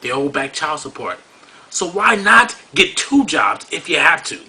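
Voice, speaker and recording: A man's voice: fairly high pitch, big pitch swings, unhurried, sharp tone, slightly rough, low-quality recording. A man hosting a talk show, delivering a preachy, scolding monologue full of rhetorical questions. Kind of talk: monologue commentary.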